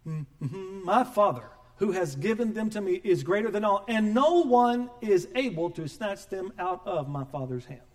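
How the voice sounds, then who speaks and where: A middle-aged man preaching a sermon as pastor, animated and joking, acting out quoted voices. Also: high-pitched, normal speed, hardly any pauses.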